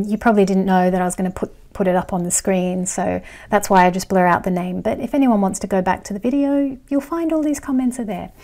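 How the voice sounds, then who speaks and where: Reading through comments from her viewers, a middle-aged woman who vlogs about astrology rambles along with laughs and filler words. She has a mid-range, warm voice.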